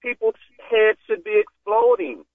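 A man co-hosting a political talk radio show, scornful and animated as he builds his argument with examples. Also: high voice, measured pace, crowd noise. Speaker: radio co-host. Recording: tinny phone-like line, dry.

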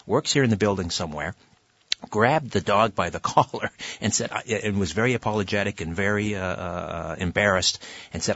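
Man, radio talk host, low husky voice, chatty, rambling, dry muffled studio sound. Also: very animated, normal speed, a bit bright, dry recording. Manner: chatty storyteller, many fillers and restarts. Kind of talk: conversational radio monologue and interview.

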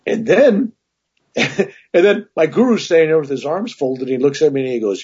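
A man's voice: on the high side, expressive, moderate pace, a little mellow, breathy edge. A man casually telling a personal story as an interview guest, rambling, with many restarts and asides. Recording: dull lo-fi recording.

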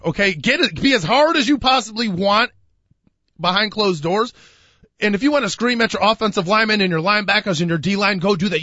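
A man's voice: sits high, sharp tone, no echo, lo-fi sound. A man co-hosting a sports talk show, emphatic and opinionated, often restarting his sentences. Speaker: sports radio co-host.

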